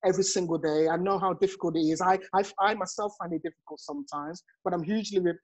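A man's voice: high-pitched, fairly even intonation, quick pace, dull audio. Effusive man hosting a live stream. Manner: effusive, chuckling often. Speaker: host and network marketing coach. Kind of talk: motivational live video chat. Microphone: phone.

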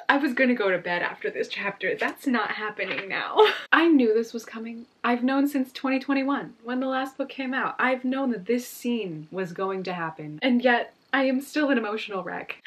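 A young woman vlogging casually about a book she is reading, excitable and emotional as she gushes and frets. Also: on the high side, moderate pace, husky.

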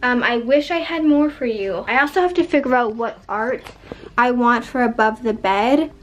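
Young woman vlogging at home, high voice, rambly, says like a lot. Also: normal speed, highs cut off, a little hiss or hum. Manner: chatty, rambling, peppered with "like". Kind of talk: casual home makeover vlog. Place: bedroom at home.

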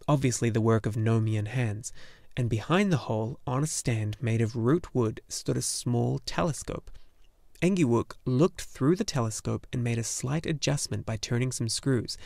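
A man reading a fantasy novel aloud in steady storytelling narration. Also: medium pitch, creaky, no echo, studio quality. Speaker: audiobook narrator. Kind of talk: scripted narration.

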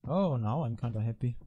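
A man's voice: medium pitch, dark tone. A man hosting casual gameplay commentary, rambling and self-mocking, with frequent exasperated outbursts at his teammates. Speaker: gaming channel host.

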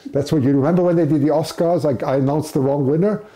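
This live show host talks fast in a fairly high, warm, steady voice as he reads out poll results on his stream. The chat is casual, and he often laughs and makes fun of himself.

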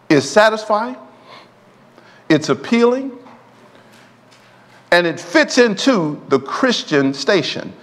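Male preacher, fairly high and very lively pitch, calling for amens, long church reverb. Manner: call-and-response preaching, often asking the congregation for an amen. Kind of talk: sermon. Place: church sanctuary.

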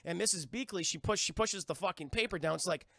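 A man's voice: sits high, fast, gravelly, fairly bright tone, dry recording. A man casually recapping a cartoon on a live stream, rambling, swearing and talking to his chat. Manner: profane, rambling, addresses chat.

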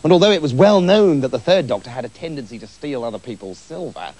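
A man narrating a comic storybook tale in an animated, giggly manner. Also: on the high side, quick pace.

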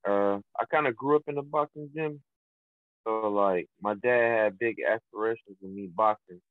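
A young professional boxer joins a casual call-in interview, speaking at a moderate pace in a lowish voice. He talks loosely, rambling with frequent fillers and restarts, and the phone line comes through tinny, dry and echo-free.

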